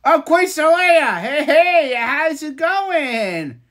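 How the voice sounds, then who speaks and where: Bright lively woman live-stream host. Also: high-pitched, slow pace. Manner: reads out chat and reacts with exasperated exclamations. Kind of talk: casual live-stream chat.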